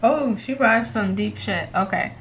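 A woman's voice: fairly high pitch, unhurried, a little hiss or hum. A young woman vlogger chatting casually to camera, giggly and full of "like" fillers. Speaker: vlogger pranking her best friend.

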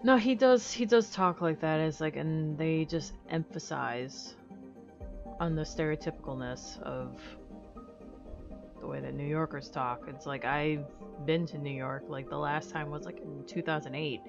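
A woman's voice: deep voice, a little slow, creaky. An American woman live-streaming, chatting casually with her viewers in a candid, profane, self-mocking way. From United States. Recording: dull lo-fi stream audio. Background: faint music.

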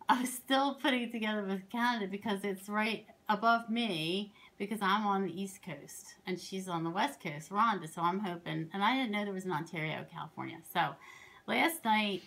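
A woman from Pennsylvania, a crafting vlogger, chatting casually as she shows her projects, rambling and excitable with many asides. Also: medium pitch. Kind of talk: casual chatty show-and-tell.

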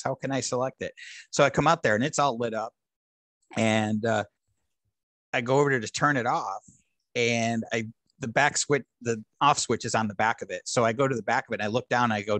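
A man with a fairly low voice recorded dry and close, telling his own paranormal encounters. He is earnest and narrative, acting out what his family said in little quoted exchanges. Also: a bit bright, dry recording. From United States. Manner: earnest storyteller, quoting family in dialogue. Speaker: guest. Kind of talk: telling personal paranormal stories.

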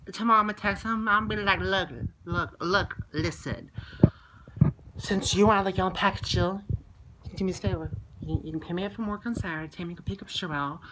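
A woman's voice: medium pitch, noisy background. A woman telling a vlog story in a heated, profane way. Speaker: vlogger.

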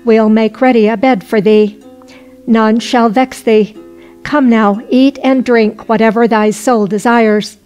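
A woman reading the lines of cunning, flattering tavern keepers in wheedling, old-fashioned speech. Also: a little high, unhurried, clear, resonant tone, lightly acted. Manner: wheedling, archaic formal speech. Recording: faint music underneath.

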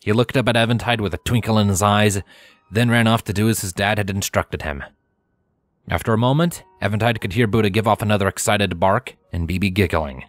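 A man's voice: lowish voice, a little fast, no room sound. A man reading a story aloud as narrator, telling it expressively. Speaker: fanfiction reader. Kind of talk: scripted narration.

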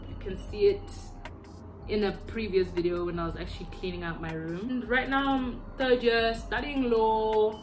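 A woman's voice: medium pitch, fairly even intonation, moderate pace. A South African woman in her twenties, a YouTuber chatting casually to the camera from her bedroom at home in a playful, talkative way, with faint music behind her. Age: 20s. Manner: chatty and playful, breaks into silly voices.

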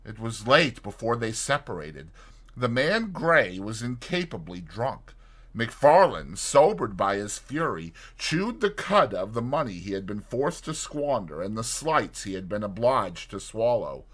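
A man reading a short story aloud as audiobook narrator, in a dramatic and expressive scripted narration. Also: lowish voice, measured pace.

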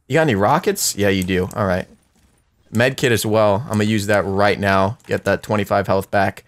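A young man doing live gameplay commentary for his channel, excitable and talking straight to his viewers. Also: on the low side, normal speed. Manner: excitable, talks to viewers, shouts at wins. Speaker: gaming YouTuber.

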